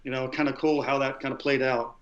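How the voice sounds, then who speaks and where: A man's voice: mid-range voice, little pitch movement, brisk, echoey room, lo-fi sound, slight background noise. A middle-aged man, a retired Marine, telling war stories in a rambling way with lots of fillers and quoted dialogue. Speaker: guest, retired Marine gunner. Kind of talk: conversational storytelling.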